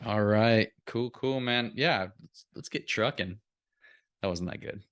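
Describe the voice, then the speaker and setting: A man's voice: lowish voice, a little slow, a bit bright, soft background music. A man co-hosting a podcast in casual chat, laid-back and joking, laughing often and swearing freely. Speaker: podcast co-host.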